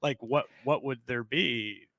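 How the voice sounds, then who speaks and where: A man's voice: medium pitch, unhurried, bright, forceful tone. Sarcastic, swearing male podcast co-host. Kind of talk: casual chat.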